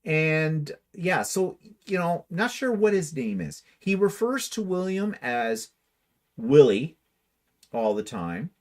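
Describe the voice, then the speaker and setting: A man's voice: fairly high pitch, sing-song, slow pace. A man co-hosting a casual livestream, reading viewer comments aloud and answering them with dry, wry humor. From Canada. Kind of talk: casual chat.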